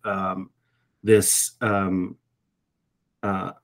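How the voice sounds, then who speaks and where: A man's voice: low-pitched, little pitch movement, extremely slow. A middle-aged man, a voice actor, giving reflective interview answers and often repeating words as he starts a thought. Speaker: voice actor guest.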